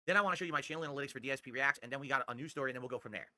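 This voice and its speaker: A man's voice: medium pitch, very fast, noisy background. A man hosting his livestream, talking into a desktop condenser mic at home and ranting in a brash, boastful way. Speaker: streamer host. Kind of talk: casual podcast-style livestream monologue.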